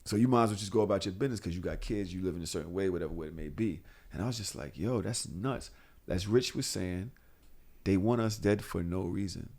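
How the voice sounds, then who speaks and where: A man hosting a podcast in casual chat, telling stories in a blunt, animated and profane way. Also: low voice, fast. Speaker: podcast host.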